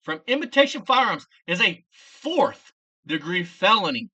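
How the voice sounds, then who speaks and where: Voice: medium pitch, sing-song, normal speed, bright, forceful tone, far from the mic, muffled recording. A vlogger delivering an angry, profane commentary rant, hurling insults and repeating lines for emphasis.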